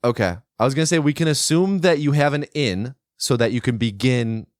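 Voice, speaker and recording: A man's voice: mid-range voice, a little fast, dry recording, clean studio sound. A man co-hosting a casual film podcast, laughing often and drawing out his asides. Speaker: podcast co-host.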